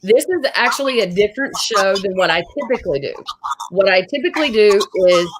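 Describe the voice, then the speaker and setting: A woman hosts an interview show and chats upbeat and eager with her guest. She talks over a video call at a middle pitch for a woman, with a faint hiss behind her voice. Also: expressive, fairly quick, low-quality recording. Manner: upbeat, enthusiastic, chatty. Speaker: show host. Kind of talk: casual interview chat.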